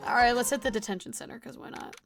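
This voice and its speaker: High-voiced woman streaming a game. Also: quick pace, vocal fry. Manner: playful, chatty, swears casually. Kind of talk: casual game-stream commentary reading dialogue aloud. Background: faint game music.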